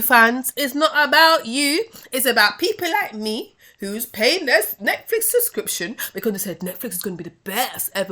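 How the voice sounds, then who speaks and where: A woman's voice: fairly high pitch, bright, forceful tone. A British woman hosting her own wrestling review channel, giving a heated, scolding rant in a casual talking style. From United Kingdom. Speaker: wrestling commentary vlogger.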